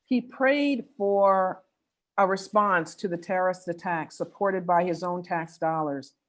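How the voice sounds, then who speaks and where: A woman leading an organization speaks at an online forum in an earnest, measured way, slowing down for emphasis. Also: fairly low pitch. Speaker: executive director of a faith-based organization.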